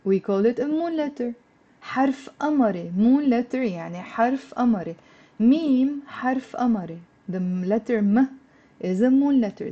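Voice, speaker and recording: A woman teaching a live online language lesson. She explains patiently, repeats phrases slowly and encourages her students as she goes. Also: medium pitch, dark tone, muffled recording. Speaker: Lebanese Arabic teacher.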